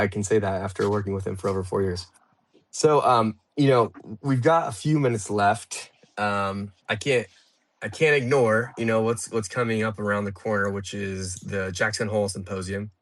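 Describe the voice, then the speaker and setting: Host, male, low and gravelly, rambling panel talk full of fillers, remote audio room. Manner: loose and rambling, many fillers and restarts. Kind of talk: casual market discussion.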